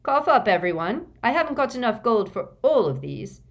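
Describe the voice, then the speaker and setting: A woman voicing a cheeky teenage boy in a storybook reading, loud and breezy. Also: a little high, very animated, normal speed, pitched above the performer's own voice.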